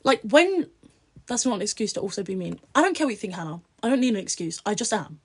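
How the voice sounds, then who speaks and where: A young British woman, an influencer guest, chatting bluntly and profanely on a podcast, swinging from low mutters to loud outbursts. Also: very animated, fast, slightly rough. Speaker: social media influencer guest. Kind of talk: casual podcast chat.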